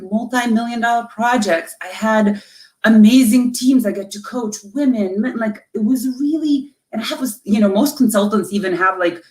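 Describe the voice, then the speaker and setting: A woman from Lithuania, a coach, telling a personal story in an interview with an emotional, halting delivery full of restarts. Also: mid-range voice, a little mellow, reverberant. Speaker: guest, coach.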